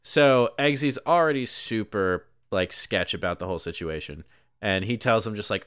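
A man's voice: lowish voice, normal speed, a bit bright, clear, resonant tone, no echo, clean studio sound. Rambling young man recapping a movie. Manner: rambling, heavy use of "like", acts out quotes. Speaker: podcast co-host. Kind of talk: casual movie recap chat.

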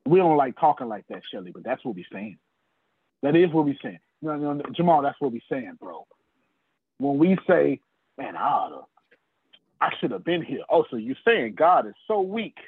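A man's voice: a little high, sing-song, moderate pace, husky, no room sound. A man, teaching sales like a fiery preacher, calling out listeners by name and swearing freely. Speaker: sales trainer. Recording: tinny phone-like video call audio.

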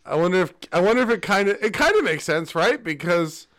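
A man's voice: sits high, very animated, brisk, fairly bright tone. A man co-hosting a casual podcast, sarcastic and laughing often as he mocks what he watches. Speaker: podcast co-host. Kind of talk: casual chat watching wrestling.

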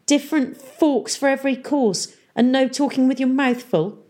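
A woman's voice: high-pitched, moderate pace, mellow, pitched above the performer's own voice, natural voice. A woman voicing a mocking pirate man who sneers as he talks. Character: scornful male pirate, sneering.

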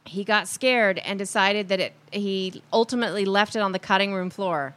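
A woman's voice: mid-range voice, moderate pace, fairly bright tone, dry recording. A woman co-hosting a casual talk show, chatty as she reads out news items. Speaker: co-host.

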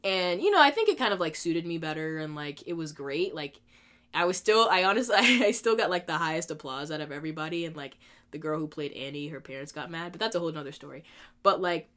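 A woman's voice: low voice, lively intonation, fast, a bit bright. A woman in her twenties hosting a podcast, talking candidly and emotionally in a casual monologue, filling her speech with "like" and swearing freely. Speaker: podcast host.

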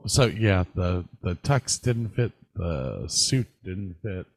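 A man co-hosting a podcast, telling animated stories in casual chat and swearing now and then. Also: low voice, takes it slowly, no room sound. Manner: animated storyteller, swears, mimics people he quotes. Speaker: podcast co-host.

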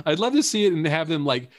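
A man in casual, animated conversation about a TV episode, swearing freely and laughing often. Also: fairly high pitch, brisk, dry recording, studio quality.

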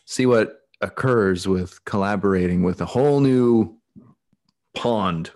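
A man from Alaska, speaking with a Pacific Northwest accent, hosts a rambling, casual podcast conversation over a video call, laughing easily and restarting a lot. His low, slightly mellow voice moves slowly, captured cleanly in a studio with no echo.

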